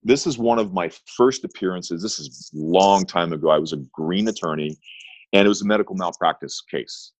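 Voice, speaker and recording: This middle-aged attorney has a deep voice and talks a little fast, captured on a low-quality recording with no room sound. Guesting in an interview, he tells stories and leans on punchy phrases he repeats for emphasis.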